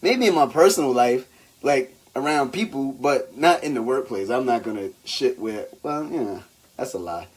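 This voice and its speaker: A man co-hosting a podcast in casual banter, animated and slangy, acting out the quotes in his stories. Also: medium pitch, normal speed, slightly rough. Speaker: podcast co-host.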